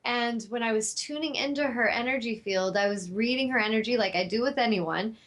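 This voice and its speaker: On the high side and fairly quick, this talk show host's voice has a fairly bright tone. She shares a personal story on her own show in a heartfelt, spiritual way, drifting a bit and using fillers.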